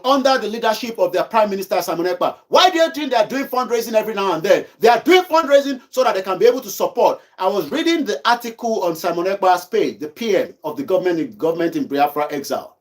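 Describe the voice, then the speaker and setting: Nigerian man, Yoruba accent, high voice; rousing livestream host switching between English and Yoruba. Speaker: online activist show host. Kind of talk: livestream commentary. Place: kitchen at home.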